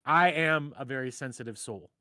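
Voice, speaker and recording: A man's voice: medium pitch, moderate pace, sharp tone, no echo, clean studio sound. A middle-aged man hosting a casual live stream, rambling and joking at his own expense. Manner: rambling, joking, self-deprecating. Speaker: host.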